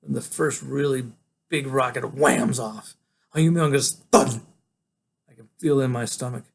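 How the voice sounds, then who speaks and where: Man reading a story aloud, mid-pitched, gravelly, relaxed and conversational. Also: moderate pace. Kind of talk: novel read aloud.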